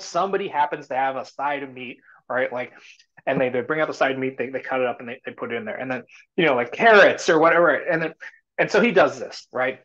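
A man's voice: medium pitch, fast talker, a bit bright. A man talking as a startup CEO guest in a casual live talk, rambling and full of fillers and restarts. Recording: muffled lo-fi audio.

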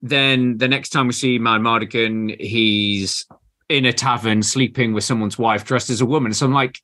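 A man's voice: medium pitch, steady tone, moderate pace, sharp tone. A man co-hosting a podcast, chatting casually about a film with hesitant, stop-start phrasing. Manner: hesitant, restarts often. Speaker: podcast co-host.

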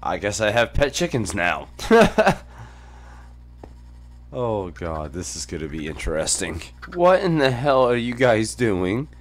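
Excitable, swearing gamer man. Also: takes it slowly. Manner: excitable and profane, yelping in high pitch when startled. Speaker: gaming YouTuber. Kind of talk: Minecraft let's play commentary.

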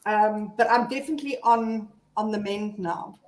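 A woman's voice: mid-range voice, normal speed, rough recording. A woman from South Africa hosting a live-stream chat, telling stories in a chatty way. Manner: chatty storyteller, lively retold dialogue. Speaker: host.

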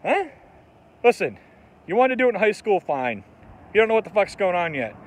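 A man's voice: sits high, very animated, fairly quick. A man delivering a profane, mocking comedic rant, swearing nonstop in an angry tone. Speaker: comedic ranter, channel host.

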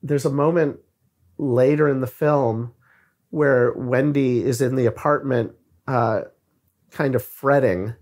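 A man in a podcast conversation, speaking at an everyday mid-range pitch. He is reflective and unhurried, and he often pauses or restarts to find the right word. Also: darkish tone. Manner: reflective, searching for words. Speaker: guest filmmaker.

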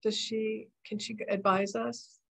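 Eager woman co-host, slightly high. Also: flat delivery, gravelly, fairly bright tone. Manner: eager, laughing, quick questions. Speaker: podcast co-host. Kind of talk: casual chat.

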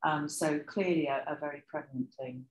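A woman giving an academic workshop talk, lively and animated, with many fillers and asides and a rising, expressive delivery when she acts out examples. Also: deep voice, fairly quick, echoey room, low-quality recording. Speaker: lecturer presenting research. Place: lecture room.

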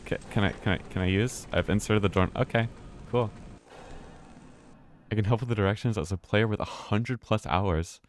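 A man's voice: lowish voice, normal speed, slight background noise. An American man giving live, chatty commentary while streaming a horror game, often restarting words and swearing casually. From United States.

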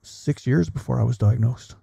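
A middle-aged military veteran appears as a podcast guest, bluntly recounting a personal story with lots of swearing at a measured pace. His mid-range voice is gravelly, husky, and warm, recorded with no echo.

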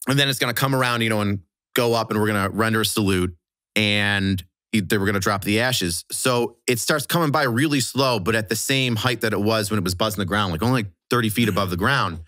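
Brief: male podcast guest, bright forceful voice, crude animated storyteller, dry close mic. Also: on the low side, brisk, dry recording. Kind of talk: casual storytelling.

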